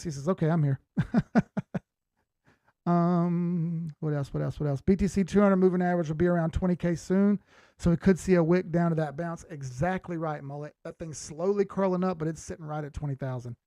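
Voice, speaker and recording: Gravelly male streamer, blunt and profane, reading chat live, dry close sound. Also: high voice, warm tone, dry recording. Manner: blunt, swears freely, laughs often. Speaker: crypto chart analyst hosting a live stream.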